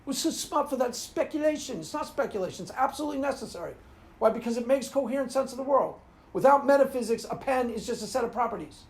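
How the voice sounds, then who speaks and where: A man's voice: extremely high pitch, lively intonation, quick pace. Man rambling through a casual rant. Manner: rambling, laughs at his own jokes. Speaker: video host. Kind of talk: casual ranting monologue.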